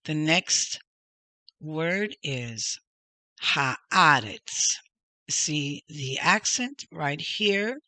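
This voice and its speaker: A Hebrew teacher gives a slow spoken reading lesson, patiently sounding out every syllable and pointing things out step by step. His voice is slightly high and sharp in tone, animated, with drawn-out words and no echo.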